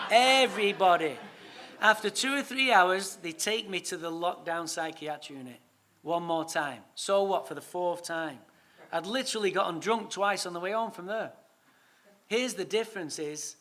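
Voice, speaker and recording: High bright-voiced English man telling stories. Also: slight background noise. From England. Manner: lively comic storytelling, swearing freely. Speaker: recovery meeting speaker. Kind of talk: storytelling talk.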